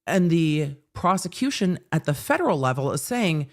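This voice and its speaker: A woman's voice: low voice, very animated, normal speed, few pauses. A woman hosting live commentary on a court hearing, talking in a blunt, sardonic way and swearing freely. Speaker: legal commentary host.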